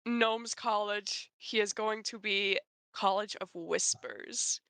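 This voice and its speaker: A woman's voice: mid-range voice, slow pace, clean tone, no echo. Brief: eager woman player, casual, bone-dry audio. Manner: excitable, reads rules aloud. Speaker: tabletop game player. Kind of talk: casual chat over voice call.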